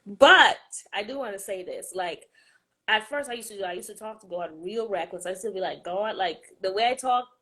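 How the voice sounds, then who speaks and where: A woman, a podcast host chatting casually about faith in a fast, emphatic, sassy way. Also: mid-range voice, fairly bright tone, poor audio.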